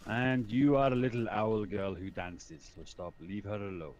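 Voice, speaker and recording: A man's voice: on the low side, steady tone, normal speed, a little mellow, highs cut off, a little hiss or hum, close to an everyday voice. A man doing a stern formal bear warrior. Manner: stiff formal speech without contractions.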